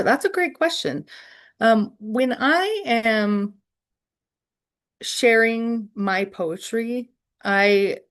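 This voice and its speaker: A woman leading an online poetry workshop, answering questions slowly and thoughtfully with many fillers. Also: mid-range voice.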